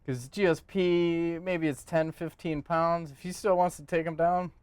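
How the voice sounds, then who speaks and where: A man's voice: fairly high pitch, fairly even intonation, measured pace, darkish tone, clean tone, no echo. A man co-hosting a casual fight podcast, giving blunt, profane opinions. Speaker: podcast co-host. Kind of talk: casual MMA podcast chat.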